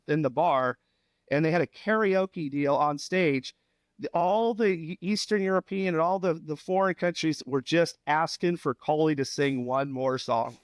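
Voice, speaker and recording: A man in his fifties, a former volleyball player, telling animated stories on a podcast with laughs and acted-out quotes. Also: fairly high pitch, no echo. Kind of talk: casual storytelling chat.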